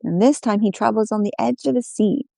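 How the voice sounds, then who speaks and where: Storyteller woman, oral folk tale, unhurried, warm dry close sound. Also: mid-range voice, vocal fry, no echo. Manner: unhurried, repetitive refrains. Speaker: storyteller guest.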